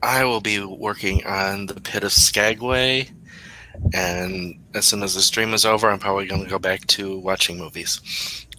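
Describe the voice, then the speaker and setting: A man's voice: lowish voice, steady tone, moderate pace, pushed and bright, slight background noise, poor audio. A tired man, a guest author, chatting briefly and in a laid-back way on a livestream over a video call. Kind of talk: casual chat on a livestream.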